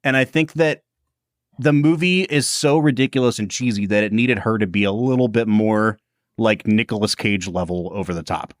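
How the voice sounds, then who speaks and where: A man co-hosting a casual film review podcast, animated and quick to laugh. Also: lowish voice, no echo, clean studio sound. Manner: animated, laughs often, puts on quoted voices. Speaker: podcast co-host.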